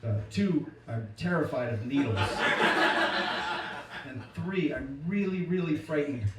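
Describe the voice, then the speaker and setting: A man's voice: fairly high pitch, a little slow. A man doing a playful, self-deprecating stand-up comedy set on stage, laughing often. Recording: echoey live room from a distance, loud noise.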